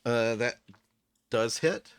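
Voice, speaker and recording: A man narrating as game master in a casual, halting way with many fillers. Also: mid-range voice, clean tone.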